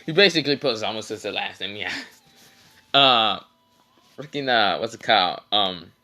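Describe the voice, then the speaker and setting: Brief: casual, rambling male storyteller, foul-mouthed and tired; bright, animated delivery. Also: lowish voice, unhurried, vocal fry. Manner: rambling, swearing, many fillers. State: tired after little sleep. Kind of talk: casual fan-fiction storytelling.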